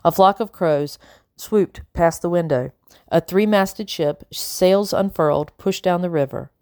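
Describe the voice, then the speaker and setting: A woman narrating a novel in the first person, measured and unhurried. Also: on the low side, darkish tone, dry recording, studio quality. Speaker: audiobook narrator.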